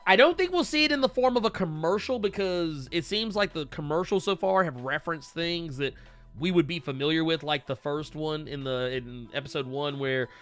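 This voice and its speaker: A man co-hosting a comic book live stream, reading viewer comments in an animated, rambling way and swearing casually. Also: on the high side, moderate pace, soft background music. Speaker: co-host of a comic book talk show.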